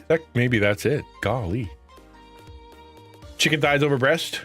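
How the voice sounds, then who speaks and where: A man streaming and chatting casually with viewers, rambling and correcting himself, often jumping up into an excited high voice. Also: unhurried, faint music behind. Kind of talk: casual chat.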